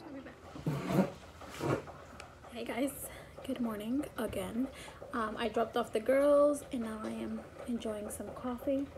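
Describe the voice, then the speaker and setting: Woman, casual mom vlog, rambling, unhurried, raised pitch, noisy home background. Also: steady tone. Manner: chatty, rambling, many fillers. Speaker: vlogger; mother. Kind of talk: casual chat. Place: home, indoors.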